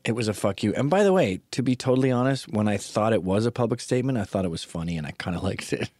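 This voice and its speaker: A man's voice: fairly low pitch, expressive, fast talker, a little mellow, dry recording, clean studio sound. A man hosting a podcast, talking alone in a sarcastic, crude, rambling way. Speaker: podcast host. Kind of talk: casual podcast monologue.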